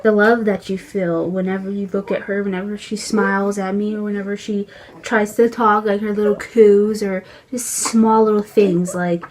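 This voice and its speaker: A woman's voice: medium pitch, flat delivery, normal speed. A young woman and new mother talking casually to camera at home while feeding her baby, chatty and full of filler words.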